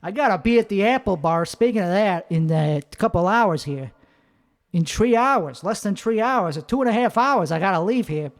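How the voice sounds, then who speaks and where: A man with a high, bright-sitting voice rambles through a solo monologue, swearing constantly and second-guessing his own material. He speaks in a put-on accent. He is recording alone in a home studio. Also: lively intonation, moderate pace, long reverb tail. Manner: profane, rambling, self-critical. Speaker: comedian working out bits.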